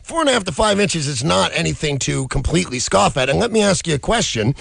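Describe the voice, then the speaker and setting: A man sitting in as guest co-host on a call-in radio show, joking candidly and animated. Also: on the high side, fast talker, vocal fry, no echo.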